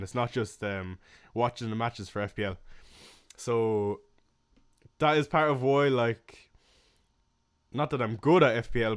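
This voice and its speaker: A young man from Ireland talks loosely through viewer questions on a live stream. His voice is smooth and clean, pitched in the middle, and he rambles with plenty of ums and uhs. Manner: relaxed, rambling, filler-heavy. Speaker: livestream host answering chat questions. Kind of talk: casual live Q&A chat.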